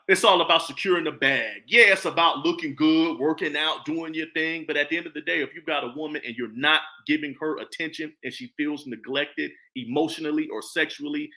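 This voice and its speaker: Man, 40s, vlog commentary; lively swooping delivery, bright edgy tone, preachy and repetitive. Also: a little high. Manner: animated, preachy, repeats himself. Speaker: commentary vlogger. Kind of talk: casual opinion monologue.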